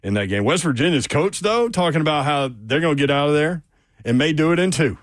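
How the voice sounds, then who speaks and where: A man's voice: a little high, animated, fairly quick, dry recording, clean studio sound. A man hosting a sports radio show, chatting casually, telling odd stories and reading out game listings. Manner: jokey, storytelling, reads out game lines. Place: radio studio.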